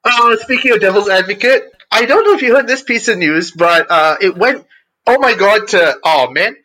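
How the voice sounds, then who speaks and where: A man co-hosting a casual chat, animated and chatty as he shares movie news. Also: high-pitched, moderate pace, poor audio.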